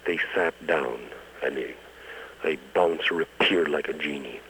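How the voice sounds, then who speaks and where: A man telling a story in an interview, slow and halting, with many fillers. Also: a bass voice, fairly bright tone, a little hiss or hum, rough recording. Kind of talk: oral-history storytelling.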